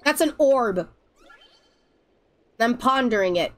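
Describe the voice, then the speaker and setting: A woman's voice: on the high side, expressive, slow. A woman chatting casually while livestreaming a game, playful, teasing and sarcastic. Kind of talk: casual game-stream chat.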